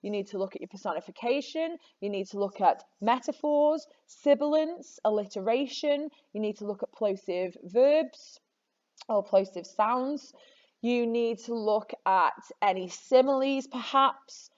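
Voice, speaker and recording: A woman's voice: a little high, lively intonation, unhurried. A woman teacher talking through a lesson in a chatty, encouraging way, often stopping to correct herself. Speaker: English teacher. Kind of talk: recorded classroom lesson. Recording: slightly dull lo-fi audio.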